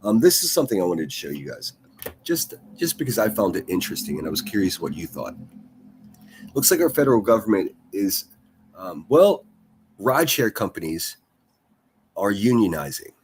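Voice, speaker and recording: A man hosts a daily news livestream in a lowish, sing-song voice at a moderate pace, leaving long pauses; a little hiss or hum is audible. He chats casually over news clips, rambling, repeating words, and swearing now and then.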